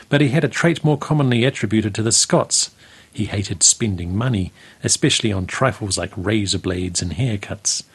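A man reading a country story aloud in a steady, unhurried way. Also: fairly low pitch, slightly rough.

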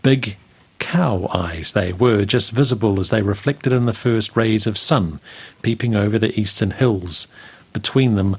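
Guy reading a storybook, husky and lowish, steady and unhurried.

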